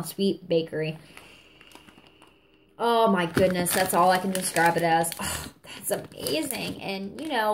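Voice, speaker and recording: A woman's voice: on the low side, slight background noise. A woman reviewing products in a casual, gushing chat, a little sniffly, full of fillers. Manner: gushing, chatty, many fillers, addresses viewers as y'all. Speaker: vlogger reviewing scented products.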